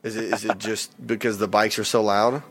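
A man's voice: lowish voice, little pitch movement, a little fast, a bit bright, no room sound. A man producing a podcast, sheepish and apologetic while being teased. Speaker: show producer. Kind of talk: casual podcast banter.

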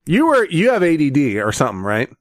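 Brief: male podcast host, mid-pitch, very expressive delivery, casual and crude, dry close sound. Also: fast talker, dry recording. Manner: loose, profane banter. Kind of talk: casual chat.

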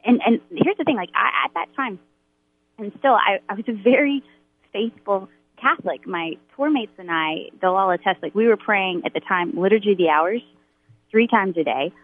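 A woman's voice: medium pitch, animated, moderate pace. A woman musician candidly sharing a faith testimony in a radio interview, with nervous laughter between phrases. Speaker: Catholic worship musician, guest. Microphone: phone. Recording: tinny phone line.

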